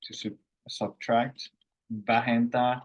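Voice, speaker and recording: A man, teaching a casual language lesson with slow, halting explanations. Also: mid-range voice, level tone, rough recording.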